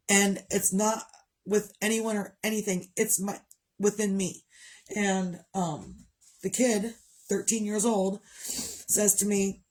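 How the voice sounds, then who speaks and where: A woman's voice: fairly low pitch, measured pace, darkish tone. Grieving woman talking candidly. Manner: grieving, candid, rambling talk to viewers. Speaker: vlogger. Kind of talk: casual chat.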